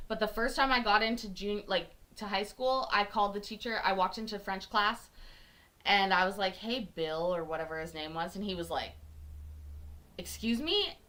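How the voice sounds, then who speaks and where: A woman's voice: mid-range voice, sharp tone. A woman from Canada chatting casually and joking with her live-stream viewers. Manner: chatty, joking, laughs often.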